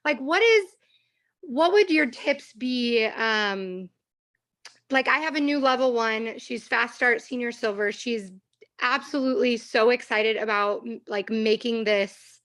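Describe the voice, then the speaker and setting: An enthusiastic woman on a video call describes her situation in a bubbly, rambling way. Her voice is a little high and full of excitement. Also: a little slow. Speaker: caller asking a question.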